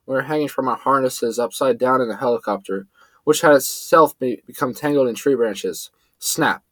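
A man's voice: normal speed, no echo, low-quality recording. A man tells a first-person adventure story in a dry, close-up recording. His voice sits in a middle register and rises when he voices the characters. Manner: lively, shifts pitch up for quoted characters. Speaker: narrator.

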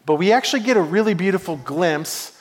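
Brisk and high-pitched, a man preaches with a long reverb tail trailing his words. The pastor tells a story with animated, playful energy, acting out what its characters say.

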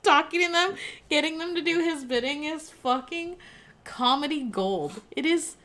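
A woman chiming in during casual chat. Her voice sits a little high, and she stresses her points with swearing. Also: normal speed, a bit bright. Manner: emphatic, swears for emphasis.

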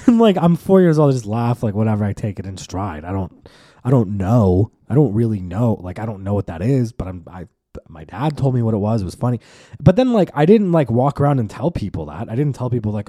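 A man's voice: lowish voice, big pitch swings, a little fast, dark tone, no room sound, clean studio sound. A man in his twenties hosting a solo podcast, telling rambling, self-amused stories, swearing freely and acting out the voices he quotes. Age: 20s. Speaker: podcast host. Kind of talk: casual solo podcast monologue.

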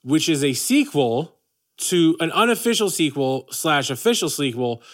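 Podcast co-host, male, fairly high voice, blunt, swears freely. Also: big pitch swings, normal speed. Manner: blunt, profane, rambling. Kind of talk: casual chat.

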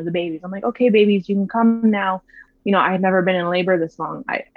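A woman in her thirties tells a personal story in a soft, reflective voice, often pausing and restarting. Her pitch sits mid-range. The recording sounds a little dull and muffled, with a dry, close sound. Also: no room sound. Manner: soft, reflective, with many fillers. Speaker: mother telling her birth story.

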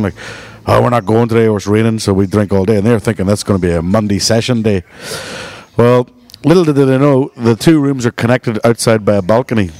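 A man's voice: fairly low pitch, a little mellow, no echo. A man speaking as a podcast guest in casual chat, blunt and profane, telling drinking stories. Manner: blunt, swearing, dismissive storyteller.

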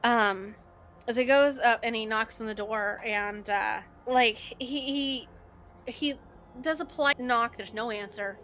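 Woman, game master, chatty tabletop narration, fairly high pitch, faint background noise. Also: unhurried, a bit bright. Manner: chatty, filler-heavy narration.

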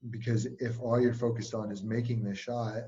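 A man's voice: mid-range voice, normal speed, lo-fi sound. A man talking casually as an interview guest and speaking coach, telling stories with lots of filler words. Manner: energetic storytelling, frequent "like" fillers.

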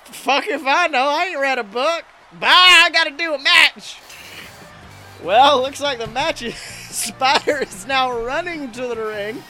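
A man voicing a crude, excitable wrestling announcer who calls the action in profane play-by-play. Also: very high-pitched, unhurried, soft background music, exaggerated voice. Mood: excited. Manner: profane, excitable, shouts big moves. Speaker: wrestling commentator character. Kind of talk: comedic play-by-play commentary.

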